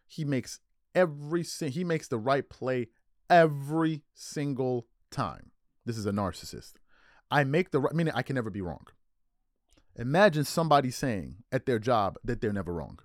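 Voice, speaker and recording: Animated man riffing on basketball. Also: medium pitch, a little fast, dry recording, clean studio sound. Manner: animated, mocking impressions of others. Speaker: podcast host. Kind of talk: casual sports commentary.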